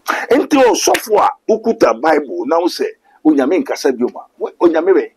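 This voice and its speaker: A man's voice: a little high, very animated, moderate pace, a little mellow, breathy edge, rough recording. A man with a Ghanaian accent, preaching in a call-and-response exchange, emphatic and quoting scripture. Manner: emphatic, quotes scripture, mixes English and Twi.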